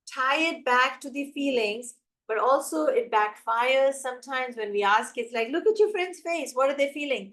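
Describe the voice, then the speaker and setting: Woman educator with a high voice, lively and emphatic, teaching a workshop. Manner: energetic, emphatic, acts out examples. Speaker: early childhood educator. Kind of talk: teacher training talk.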